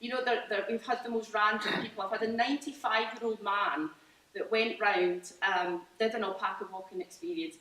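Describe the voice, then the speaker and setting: A woman's voice: mid-range voice, steady tone, a little fast, fairly bright tone. Chatty Scottish woman in a roomy hall. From Scotland. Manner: chatty and enthusiastic, with many fillers and restarts. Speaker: farmer speaking about her agritourism business. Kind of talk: informal presentation to an audience. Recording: roomy hall, mic at a distance.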